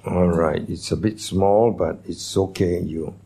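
A pastor preaching a sermon in a church, teaching in a conversational way and putting questions to the congregation. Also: male voice, low voice, fairly even intonation, measured pace, gravelly, mellow, breathy edge.

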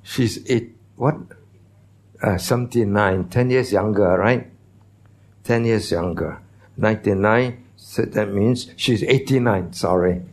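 In a church, a male pastor with a lowish, darkish voice preaches slowly. He teaches conversationally, putting questions to the congregation.

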